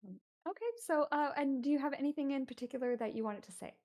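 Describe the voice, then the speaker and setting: A woman's voice: sits high, fast talker, a little mellow. A woman narrating a tabletop game as game master, hesitant and full of fillers.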